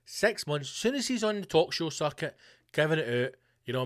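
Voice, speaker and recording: A Scottish man hosting a comedy podcast, ranting in a sweary, animated way. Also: on the high side, a little fast. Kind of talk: comedic rant.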